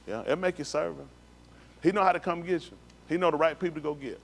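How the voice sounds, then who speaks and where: A man's voice: fairly high pitch, fast, vocal fry. A man giving an emphatic personal testimony to a congregation during a synagogue livestream, repeating himself and talking plainly in street slang. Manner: emphatic, repetitive, street-talk storytelling.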